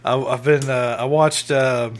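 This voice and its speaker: A man co-hosting a podcast in casual chat, making wry jokes with halting starts. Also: medium pitch, steady tone. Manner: wry, joking, halting with fillers. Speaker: podcast co-host.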